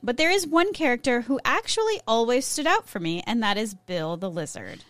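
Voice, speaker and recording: A woman's voice: on the high side, very animated, moderate pace, a bit bright. A woman co-hosting a podcast, reading a prepared segment in a casual way, with small slips and self-corrections. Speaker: podcast co-host presenting a segment.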